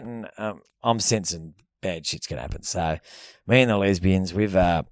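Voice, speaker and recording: A young Australian man, a podcast co-host, tells a rambling story full of swearing and acted-out bits in casual chat. His slightly low voice moves at a moderate pace and is recorded close and dry, with no room sound or echo.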